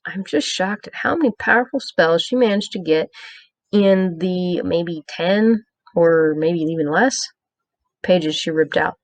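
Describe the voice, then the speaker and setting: A woman's voice: lowish voice, measured pace, no room sound. A woman reading aloud her own episode review, summing up the plot with dry, joking asides and small hesitations. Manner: wry, joking asides between plot summary; reads from a script with small hesitations. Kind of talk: read-aloud review with commentary.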